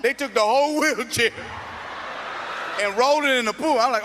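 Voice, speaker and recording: A male stand-up comedian who tells stories loudly and with lots of animation, laughing through his own punchlines. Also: very high voice, normal speed, background noise.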